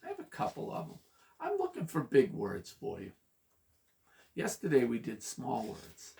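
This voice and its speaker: A man teaching a phonics lesson to children, speaking slowly and patiently, spelling words out letter by letter in an animated, sing-song way. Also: mid-range voice, vocal fry.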